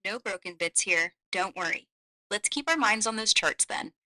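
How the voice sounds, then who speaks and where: In AI voice role-play, a synthetic female voice plays a flirty, seductive companion murmuring teasing lines in a sultry mood. Her medium-pitched voice is expressive, pushed, and bright at normal speed, on a low-quality recording.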